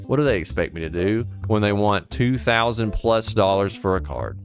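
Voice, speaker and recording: A man's voice: lowish voice, lively intonation, normal speed, few pauses, soft background music. A man casually commenting on a shop game, joking and chatting with his customers. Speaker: gaming streamer.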